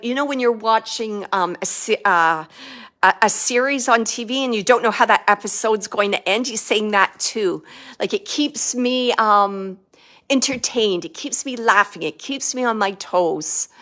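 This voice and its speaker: A woman working as a medium, relaying messages for a sitter in a halting, searching way. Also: fairly high pitch, fairly bright tone. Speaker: psychic medium.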